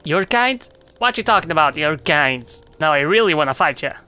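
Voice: expressive, normal speed, bright, forceful tone. A game commentator voicing a cocky, short-tempered little spider that talks in slang and is always itching for a fight. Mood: picking a fight. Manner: picks fights, street slang, high squeaky voice.

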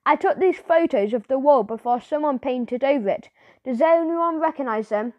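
A woman voicing a chatty, friendly factory owner with a high, lively voice, talking easily to a group of children. The sound is dry and close-miked. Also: normal speed, no room sound, lo-fi sound, lightly acted.

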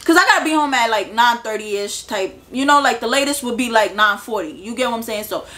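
A woman's voice: a little high, animated, a little fast, bright, forceful tone. A young woman from the Bronx with a New York accent, telling a blunt, slangy, profane story to camera in a casual storytime style. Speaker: storyteller vlogger.

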